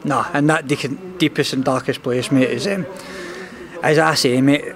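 A man's voice: medium pitch, fairly even intonation, normal speed, crowd noise. A young Scottish man with a Glasgow accent, talking earnestly in an interview as a boxer, padding nearly every sentence with "mate" and "know what I mean". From Scotland. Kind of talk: candid interview talk.

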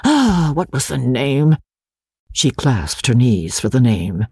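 A woman's voice: a bass voice, slow, husky, dry recording, studio quality. A woman giving a dramatic reading of a classic novel, voicing each character as she narrates. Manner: expressive, gives each character a voice.

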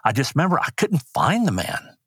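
A man's voice: on the high side, wildly swooping pitch, brisk, a bit bright, breathy edge, no room sound, clean studio sound. An older man, a rodeo announcer, earnestly telling personal stories in an interview with many restarts. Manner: earnest, rambling anecdotes with restarts.

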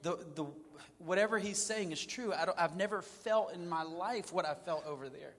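A man guest recounts a story with lively, self-mocking humor. His voice sits a little high for a man. The recording carries a long, hall-like reverb. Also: moderate pace. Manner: animated, self-mocking anecdotes. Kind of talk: storytelling in a conversation.

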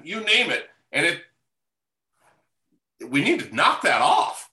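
A man's voice: high-pitched, huge pitch swings, slow, pauses often, pushed and bright. A man in casual conversation, agreeing and reflecting emphatically. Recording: echoey room.

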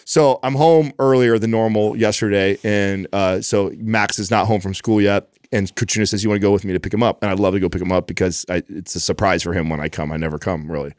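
Fast-talking man telling a story. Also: on the low side, steady tone, darkish tone, no echo, clean studio sound. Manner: storytelling, acts out voices, swears casually. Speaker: podcast co-host. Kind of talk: casual chat.

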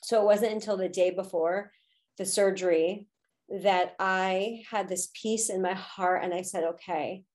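A woman's voice: mid-range voice, steady tone, measured pace, darkish tone. A woman in her thirties, a podcast guest, telling a personal story in a candid, emotional way with frequent fillers. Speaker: podcast guest, spiritual teacher.

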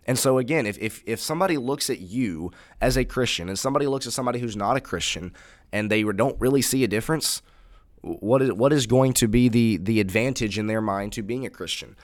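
A man co-hosting a casual Christian podcast speaks earnestly and emphatically, restarting phrases and repeating words as he rephrases. His mid-range voice moves fairly quickly, in clean studio sound with no room echo.

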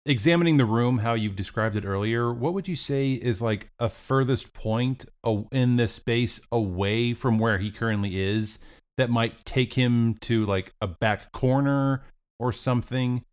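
A man's voice: medium pitch, unhurried, clear, resonant tone. A man playing a tabletop game, hesitant and thinking aloud with many fillers. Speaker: player. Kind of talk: casual tabletop game play.

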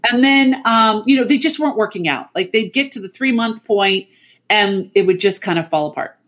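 A middle-aged woman, a podcast guest, telling family stories in casual chat over a remote call, animated and laughing often. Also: mid-range voice, moderate pace. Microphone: remote call mic.

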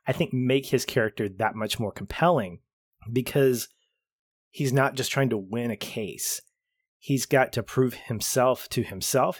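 A man's voice: mid-range voice, no echo, clean studio sound. A man co-hosting a podcast, talking through a film review in a thoughtful, long-winded way, repeating phrases as he builds his points. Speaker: podcast co-host. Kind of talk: casual film review chat.

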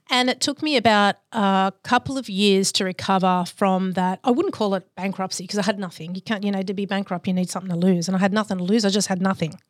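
A woman in her forties, a podcast guest telling her life story in a candid, reflective, measured way. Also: mid-range voice, no echo, clean studio sound.

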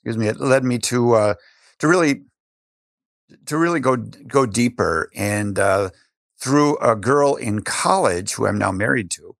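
An older man telling his story as an interview guest, animated, with frequent restarts. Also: medium pitch, a little slow, gravelly, no room sound, clean studio sound.

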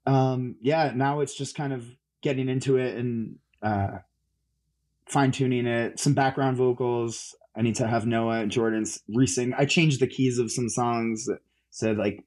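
A man's voice: medium pitch, fairly even intonation, unhurried, darkish tone. Rambling man telling a story. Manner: rambling, with many fillers and restarts. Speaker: musician guest. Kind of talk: casual interview chat.

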